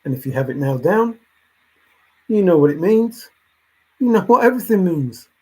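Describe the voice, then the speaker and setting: A man delivering a lecturing, insistent monologue, repeating himself and swinging between quiet talk and loud outbursts. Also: sits high, expressive, moderate pace, breathy edge, rough recording. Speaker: treasure hunt commentator. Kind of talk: ranting monologue.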